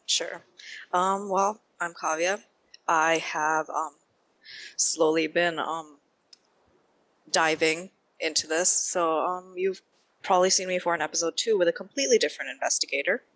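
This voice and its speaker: A woman's voice: fairly low pitch, unhurried, a bit bright, poor audio. A woman introducing herself as a player of a tabletop game, casual and hesitant.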